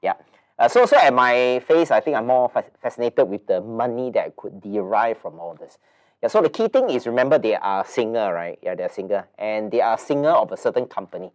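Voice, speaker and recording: A man's voice: medium pitch, big pitch swings, a little fast. A man in his forties with a Singaporean English accent and a nasal, blocked-nose voice, hosting a casual webinar in a chatty, rambling way with many fillers and repeated words. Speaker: webinar host.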